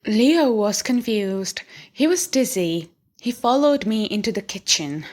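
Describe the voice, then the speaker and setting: Woman narrator, slow, deliberate, slightly high voice, learner audio story. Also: lively intonation. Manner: clear, deliberate reading.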